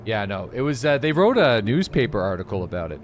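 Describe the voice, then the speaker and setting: A young man streaming a game, chatting casually, swearing freely and getting loudly excited at new finds. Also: a little fast, a little hiss or hum. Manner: excitable, swears a lot, jumps up high when surprised. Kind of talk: casual gaming livestream chat.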